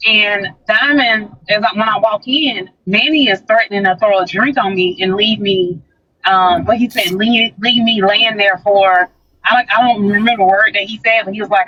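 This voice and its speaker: A woman's voice: mid-range voice, moderate pace, breathy edge, muffled recording. A woman on a livestream, retelling a dispute in casual chat and acting out the quotes. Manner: animated retelling, acts out quotes. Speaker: guest recounting a dispute.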